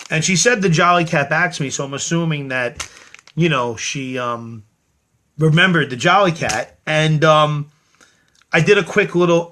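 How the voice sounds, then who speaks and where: A man's voice: on the high side, measured pace, long pauses, bright, forceful tone. A middle-aged man telling a story in a casual, rambling monologue, earnest and full of restarts and quoted lines. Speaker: host of his own show.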